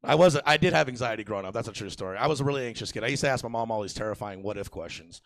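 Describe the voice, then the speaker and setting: Young man, stand-up comic, gravelly voice, crude rambling delivery, dry close mic. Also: mid-range voice, expressive, very fast, fairly bright tone, no echo. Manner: crude, rambling, self-mocking, crowd work. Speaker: stand-up comedian. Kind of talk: stand-up set. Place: comedy theater stage.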